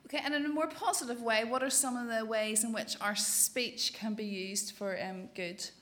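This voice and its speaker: A woman leading an interactive church teaching talk, affirming answers warmly with yeah and absolutely and pausing often with um. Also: on the high side, steady tone. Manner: affirming, thoughtful, frequent um pauses. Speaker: Bible study leader.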